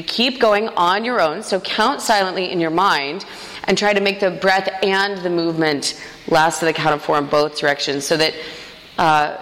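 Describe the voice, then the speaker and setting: A woman leading a live yoga class, guiding movement and counting breaths aloud in a relaxed way with frequent fillers. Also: on the low side, normal speed, long reverb tail, slight background noise, poor audio. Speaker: yoga teacher. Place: yoga studio with a class present.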